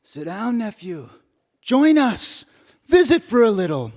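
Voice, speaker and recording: A man's voice: high-pitched, very animated, unhurried, darkish tone, full character voice. A male stage performer voicing an easygoing uncle who watches hockey and invites his nephew to sit down. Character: laid-back uncle, hockey fan, easygoing.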